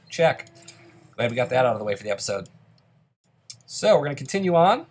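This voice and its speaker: A man's voice: medium pitch, very animated, quick pace, long pauses, slightly rough. A man hosting a let's play, giving casual commentary on his gameplay in an upbeat, chatty way and explaining each choice he makes.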